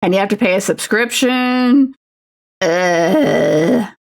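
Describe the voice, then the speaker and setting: A woman's voice: medium pitch, animated, slow pace, creaky. A woman streamer chatting casually with her viewers while she paints a miniature. She rambles and fills her talk with "like" as she answers chat messages. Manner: rambling, filler-heavy "like" speech.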